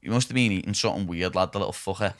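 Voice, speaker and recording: A man's voice: low voice, rapid-fire, dry recording. A young man with a Liverpool accent hosting a podcast, telling stories in casual chat, swearing and saying "lad" constantly. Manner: swearing, says "lad" constantly, animated storytelling. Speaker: podcast host.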